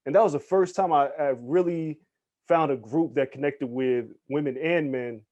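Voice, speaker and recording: A man guesting on a podcast interview, telling stories in an animated, casual way, acting out the people he quotes and swearing freely. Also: on the high side, normal speed, highs cut off. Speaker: guest, hip hop journalist.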